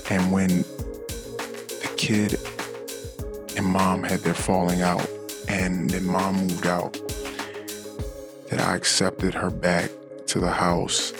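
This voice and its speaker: A middle-aged man hosting a podcast, telling a painful personal story in a halting, emotional way, with many restarts and fillers. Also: sits low, completely flat delivery, over music. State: emotionally shaken. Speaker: podcast host. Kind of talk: personal confessional monologue.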